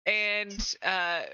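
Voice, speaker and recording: Slow-paced, laughing woman game master. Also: mid-range voice, background noise. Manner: laughs often, relaxed narration. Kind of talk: narrating a tabletop game. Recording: slightly muffled, dry stream audio.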